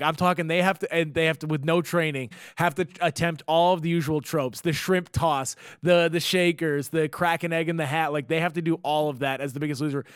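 A man hosting a casual podcast, talking in a rambling, jokey way with quick asides. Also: a little high, smooth, no echo, clean studio sound. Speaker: podcast host.

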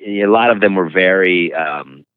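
A man speaking frankly and reflectively as an author being interviewed, pausing often as he talks. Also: sits low, clean tone, no room sound. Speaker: author and guest. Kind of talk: candid interview conversation. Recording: tinny phone-like line, dry.

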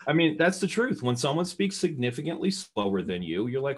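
A middle-aged man with a loud voice, teaching real estate sales to a live audience in an energetic, conversational way and asking the room questions. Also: medium pitch, a little fast, few pauses. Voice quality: loud talker.

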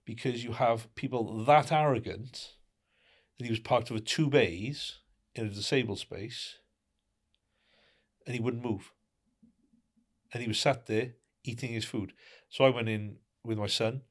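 A man's voice: medium pitch, unhurried, long pauses. A middle-aged man, chatting on a podcast in a mid-range voice. He sounds indignant and keeps firing off rhetorical questions. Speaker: podcast co-host. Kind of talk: casual podcast chat.

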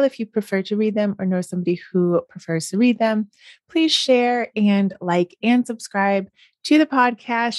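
A woman's voice: mid-range voice, no room sound, clean studio sound. A woman from the United States hosting a podcast, chatting casually and laughing often. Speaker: podcast host.

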